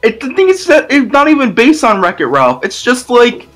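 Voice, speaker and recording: Young male co-host, lively rambling podcast chat with a higher voice, faint music underneath. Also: normal speed. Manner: rambling, emphatic, many restarts. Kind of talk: casual chat.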